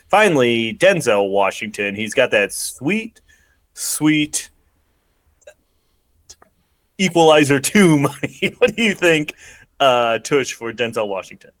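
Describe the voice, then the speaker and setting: A man's voice: mid-range voice, very animated, a little slow, a bit bright, dry recording. A man hosting a casual podcast chat who recaps a movie in a rambling way, full of fillers. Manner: rambling, filler-heavy summarizing. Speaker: podcast host.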